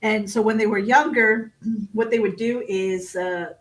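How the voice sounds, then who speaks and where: A woman guest on an interview show, telling stories in a casual, animated way, laughing often and acting out the voices in them. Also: mid-range voice, unhurried, rough recording. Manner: animated storyteller, laughs often, acts out quotes. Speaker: guest author.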